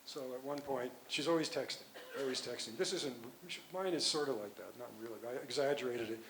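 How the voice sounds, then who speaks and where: An older man, a physician and author, answering audience questions at a conference in a rambling, halting way with many restarts. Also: mid-range voice, noisy background. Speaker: guest speaker, physician and author.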